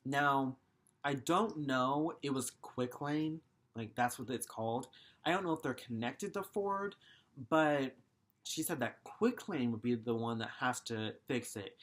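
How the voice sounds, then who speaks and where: A man's voice: mid-range voice, a little slow, fairly bright tone. A young man in his twenties telling a story casually, swearing and exasperated. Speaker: vlogger.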